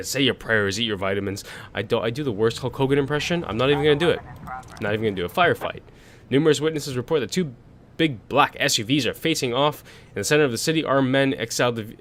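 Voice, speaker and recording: Young male gaming youtuber, mid-pitch voice, crude joking commentary, reads text with slip-ups, desk condenser mic. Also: a bit bright, slight background noise. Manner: swears, reads aloud and stumbles. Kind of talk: let's play commentary. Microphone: desk condenser microphone.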